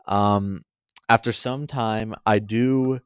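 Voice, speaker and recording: Low-voiced man reading with frequent stumbles. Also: fairly even intonation, clean tone, no echo. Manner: halting, with frequent stumbles and self-corrections. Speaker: story reader. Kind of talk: reading a fan story aloud.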